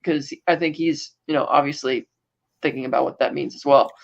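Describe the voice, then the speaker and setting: A woman's voice: low voice, fairly even intonation, brisk, gravelly, highs cut off. A woman co-hosting a podcast, casually recapping episodes in a rambling way and acting out quotes. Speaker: podcast co-host.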